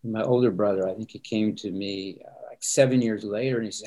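An older man who serves as a pastor talks in a low, settled voice. He is earnest and open about emotion, and a light laugh comes easily to him. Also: fairly even intonation, a little fast, dark tone. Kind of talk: candid interview talk.

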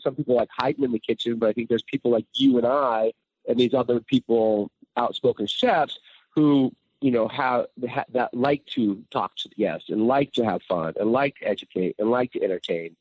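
A man's voice: mid-range voice, moderate pace, breathy edge, no room sound. Chef guy chatting, tells stories big, acts out the quotes, sound a bit muffled. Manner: animated storyteller, acts out quotes. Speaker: chef guest. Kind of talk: casual chat.

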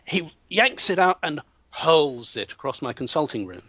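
A man's voice: a little high, moderate pace, husky, no echo. Male hypnotherapist telling an anecdote. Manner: lively storyteller who acts out quoted voices, frequent restarts. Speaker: hypnotherapist telling a client story. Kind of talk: anecdotal storytelling in an interview. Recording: dull, dry sound.

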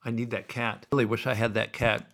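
A man's voice: medium pitch, flat delivery, quick pace, creaky, a bit bright. A man, hosting a podcast as a rambling solo monologue full of wry asides and digressions. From Iowa, USA. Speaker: podcast host.

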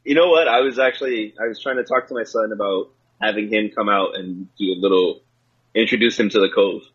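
A man in his forties co-hosting a podcast, joking and swearing casually in relaxed chat. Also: on the low side, a little fast, breathy edge, muffled recording. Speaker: podcast co-host.

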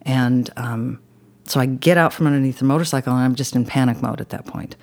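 A woman's voice: extremely low pitch, brisk, a little mellow. A woman telling a personal story as a podcast guest. She talks in an earnest, rambling way with many "you know" asides. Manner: emotional, intense when recalling the crash.

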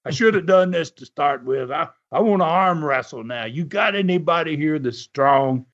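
A man voicing a cocky, loudmouthed little male wrestler who shouts his brags, with a raised pitch. The recording is dull and lo-fi. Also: animated, normal speed. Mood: boastful. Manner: shouting, brash bragging. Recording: dull lo-fi podcast audio.

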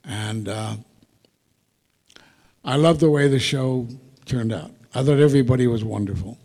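A man's voice: mid-range voice, measured pace, dark tone. An older man telling rambling anecdotes with wry asides to a live audience as a guest speaker. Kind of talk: storytelling Q&A before an audience. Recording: echoey hall, live audience talk.

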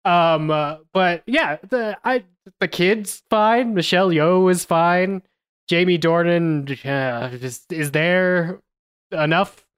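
A man with a smooth, clear voice talks through a film review, rambling and hesitant. The sound is dry and close. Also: high-pitched, takes it slowly, dry recording. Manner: rambling, hesitant, many fillers. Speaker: podcast co-host. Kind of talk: casual film review chat.

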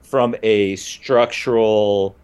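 A man's voice: lowish voice, fairly even intonation, drawn-out words, a little mellow, smooth. Rambling, enthusiastic male podcast guest. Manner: rambling, enthusiastic, many "like" fillers. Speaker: guest, writer and comedian. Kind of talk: casual podcast chat.

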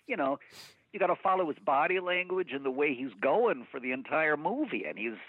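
A man, a voice actor, chatting as an interview guest, animated and quick to slip into impressions, heard over a phone call. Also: on the high side, no room sound. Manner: animated storyteller, slips into impressions. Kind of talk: casual interview chat. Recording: thin phone-line sound.

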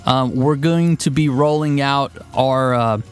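A man's voice: medium pitch, a little slow, clear, resonant tone, soft background music. A man hosting a podcast, chatting casually with many fillers and frequent laughs. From Texas. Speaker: podcast host.

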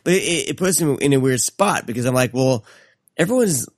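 A man co-hosting a film podcast, speaking in a hesitant, halting way. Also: mid-range voice, animated, no room sound, studio quality. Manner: hesitant, halting, searching for words. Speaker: podcast co-host. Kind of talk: casual film podcast chat.

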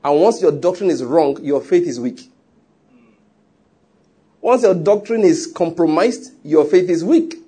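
A pastor delivers a sermon in a high, husky voice. He preaches emphatically and drives his points home with rhetorical questions. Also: animated, a little slow, pauses often, dark tone.

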